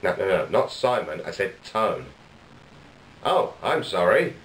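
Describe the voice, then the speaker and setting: A man's voice: deep voice, sing-song, a little slow, a little hiss or hum. A man vlogging in a dry, sardonic comic monologue. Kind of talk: comedic monologue vlog. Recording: echoey room with faint ambience.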